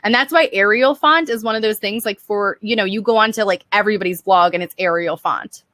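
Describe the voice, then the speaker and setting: A woman's voice: medium pitch, fairly quick, pushed and bright, no echo. A young woman teaching design on a casual live stream, chatty and upbeat, answering viewer questions with lots of "um" and "like".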